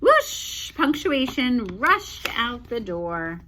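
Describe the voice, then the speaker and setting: A woman teacher reading a picture book aloud to children, with expressive storytelling and small asides. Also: on the high side, takes it slowly, slight background noise.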